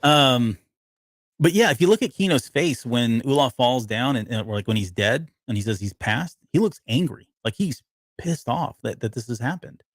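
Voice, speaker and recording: A man's voice: medium pitch, lively intonation, moderate pace, no room sound. A man co-hosting a podcast, casually breaking down a TV episode in a rambling way with lots of restarts. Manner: rambling, frequent restarts and fillers. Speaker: podcast co-host.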